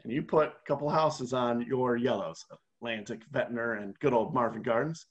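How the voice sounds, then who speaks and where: A man talking at a middle pitch, walking a listener through a scenario point by point. His delivery is casual and animated, with asides and quick turns back to the point. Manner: animated storyteller, walks through a game scenario step by step. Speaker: podcast co-host. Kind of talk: casual conversational explaining.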